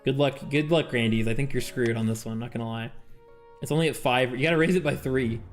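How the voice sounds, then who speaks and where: A man's voice: mid-range voice, fast talker, soft background music. A man streaming a game with his chat, chatting casually, laughing often and reading game text aloud. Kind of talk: casual livestream chat while playing a game with chat.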